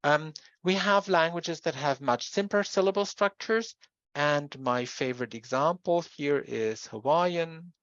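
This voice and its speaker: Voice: mid-range voice, a little slow, fairly bright tone, no echo. Lecturer, patient explainer, dry dull lo-fi sound. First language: German. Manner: explanatory, spells out sounds and examples. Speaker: university lecturer. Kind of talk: recorded linguistics lecture.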